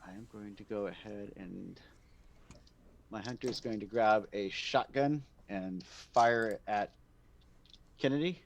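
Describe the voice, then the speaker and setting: A man narrating as game master of a tabletop role-playing game, speaking haltingly with many ums and restarts. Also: fairly low pitch, vocal fry, slight background noise.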